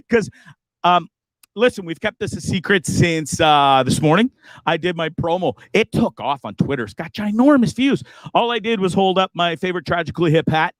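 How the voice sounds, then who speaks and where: A man's voice: high voice, expressive, normal speed, dry recording. A man hosting his livestream in a casual, profane, joking, rambling way. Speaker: livestream host.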